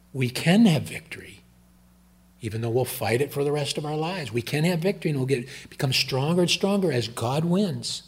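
An older man preaching a sermon, switching between loud emphatic lines and low, quiet asides. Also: husky.

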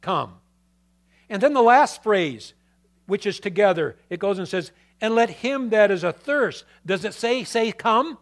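A man preaching a sermon in a notably high voice. He reads scripture, then turns to the congregation with questions, swinging between loud emphasis and a low, quiet delivery. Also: lively intonation, unhurried. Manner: reads scripture aloud, with restarts. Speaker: pastor.

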